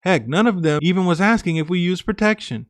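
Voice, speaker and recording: A man's voice: high voice, animated, fairly quick, no echo, studio quality. A man narrating a woman's confessional true story in the first person, in an earnest, plain scripted reading.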